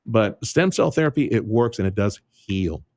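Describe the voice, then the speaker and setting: A man hosting a radio talk show, speaking emphatically and pushing his pitch up when he makes a point. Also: animated, normal speed, darkish tone, no room sound, clean studio sound. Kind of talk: opinionated radio talk and interview. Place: radio studio. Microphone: studio microphone.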